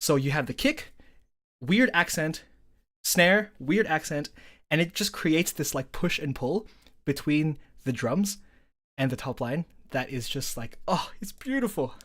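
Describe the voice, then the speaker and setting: A woman's voice: sits low, a little slow, fairly bright tone. Brief: woman songwriter, livestream breakdown, eager, lots of "like" and "um", hums bits of melody. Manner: enthusiastic, filler-heavy, sings vowel patterns to demonstrate. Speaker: songwriter explaining her song. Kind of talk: casual breakdown stream.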